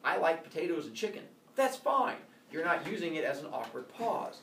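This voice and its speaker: A male teacher explaining classroom rules in a playful, joking way, now and then shouting mock corrections. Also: on the high side, big pitch swings, moderate pace, roomy sound, distant mic. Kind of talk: classroom instructions. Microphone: phone recording from across the room.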